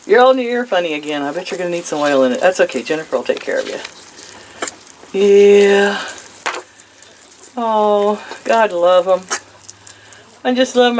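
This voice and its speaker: A woman's voice: mid-range voice, lively intonation, normal speed, long pauses, a little mellow, a little hiss or hum, rough recording. An older woman chatting outdoors to her chickens and rabbits, cooing in sing-song baby talk and laughing often. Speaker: vlogger. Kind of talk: casual chat to pets.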